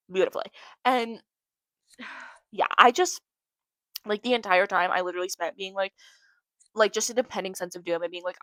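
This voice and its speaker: A woman's voice: medium pitch, dry recording. A young woman hosting a casual solo podcast, rambling and giggly, a little congested from allergies. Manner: rambling, giggly, self-interrupting. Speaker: podcast host.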